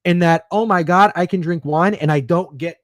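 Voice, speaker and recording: A man's voice: sits high, normal speed, no echo, clean studio sound. A man in his thirties hosting a sports betting podcast, chatting casually in a rambling, opinionated and profane way while reading live comments.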